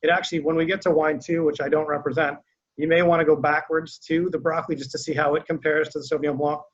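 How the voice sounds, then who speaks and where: A man, a winery sales rep, talks through a wine tasting in a relaxed, conversational way on a video call, with many fillers. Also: a little high, fast. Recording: muffled lo-fi call audio.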